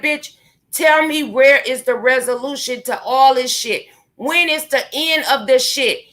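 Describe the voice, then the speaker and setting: A woman's voice: fairly high pitch, bright, forceful tone. A woman ranting angrily and profanely straight into her computer microphone. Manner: angry, profane, confrontational. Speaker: vlogger. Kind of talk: heated direct-to-camera rant. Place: indoors at a computer.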